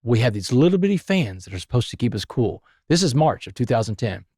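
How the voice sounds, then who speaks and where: Fast-talking man telling a story. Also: medium pitch, dry recording, clean studio sound. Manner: animated, emphatic storytelling. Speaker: podcast guest. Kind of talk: storytelling interview.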